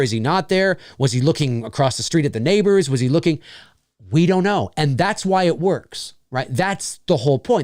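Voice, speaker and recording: A man's voice: a little high, a little mellow, no room sound, studio quality. Rambling man hosting a live chat. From Canada. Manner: rambling, repeats phrases, reads out chat comments. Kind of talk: casual live-stream chat.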